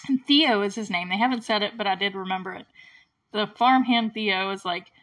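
A woman's voice: mid-range voice, a little fast, fairly bright tone. Casual woman host with a mid-range voice, chatting through a movie recap with easy laughs. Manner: chatty, peppered with "like" and small laughs; often clears her throat.

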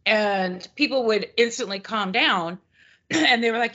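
A woman's voice: fairly high pitch, slow pace. A woman co-hosting a podcast in casual chat, telling stories and acting out what people said. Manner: animated storyteller, acts out quoted exchanges. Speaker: podcast co-host; former customer service manager. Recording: dull lo-fi audio.

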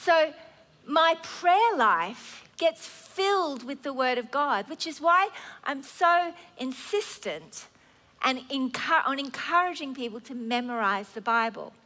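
Preaching a sermon with earnest animation, a woman in her fifties voices prayers and worries aloud as if acting them out. Her voice sits high and her pace is slow.

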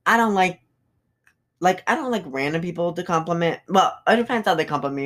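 Young woman, low-pitched, casual solo podcast host, rambly and full of fillers. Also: animated, fast talker. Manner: chatty and rambling, with frequent fillers and asides.

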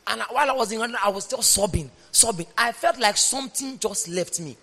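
A man preaching a sermon, reading scripture aloud and speaking emphatically, at times shouting. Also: high voice, a little fast. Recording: long hall reverb.

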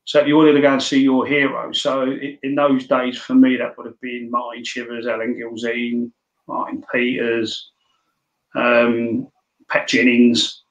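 A London man in his sixties, from England, rambles through anecdotes as an interview guest, restarting often in casual storytelling. His mid-range voice is monotone and a little slow, and the recording sounds roomy and muffled.

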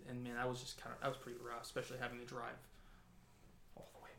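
A young man from California's Central Valley rambles through travel stories in casual chat, stumbling over restarts and laughing as he goes. His voice is gravelly and bright. The echoey room carries a faint hiss. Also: medium pitch, monotone, racing. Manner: rambling storyteller, many restarts, laughs often.

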